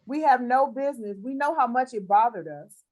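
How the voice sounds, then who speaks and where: A woman's voice: on the high side, lively intonation, fairly quick, highs cut off. A woman hosting a faith-based conversation, speaking in an encouraging, affirming, preacher-like cadence.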